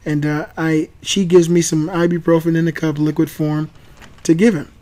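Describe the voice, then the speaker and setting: A man hosting a channel, telling a family story casually and acting out the quoted lines loudly. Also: fairly high pitch, flat delivery, moderate pace. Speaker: channel host and father.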